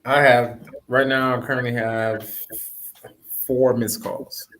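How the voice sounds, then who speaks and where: A man's voice: mid-range voice, level tone, slow, fairly bright tone. A man co-hosting a casual podcast chat, laid-back and joking, with slangy phrasing. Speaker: co-host, real estate investor.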